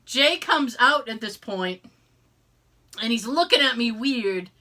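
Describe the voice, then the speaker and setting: A woman co-hosting a podcast, telling a story in casual chat, animated and exasperated, swearing freely and joking. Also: on the high side, takes it slowly. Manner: jokey, contradicts herself for laughs. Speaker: podcast co-host.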